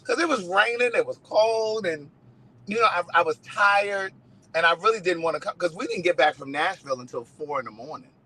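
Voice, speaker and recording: A man hosting a casual live stream, telling stories in an animated way and swearing freely. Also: sits high, fairly quick, a little hiss or hum, rough recording. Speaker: host.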